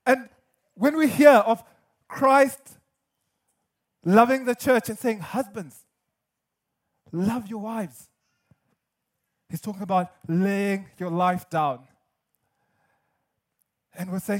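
High-voiced man preaching a sermon. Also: slow pace, pauses often. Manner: earnest, emphatic preaching with repetition and light humor. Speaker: pastor.

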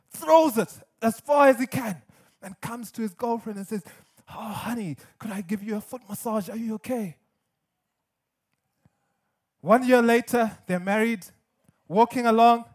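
High-pitched male pastor, earnest and emphatic preacher, sermon delivery with touches of humor.

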